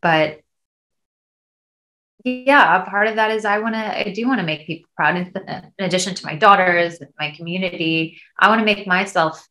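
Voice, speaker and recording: A woman's voice: on the low side, normal speed, pushed and bright. Woman, 30s, actress guest, candid storytelling, tearful, podcast interview.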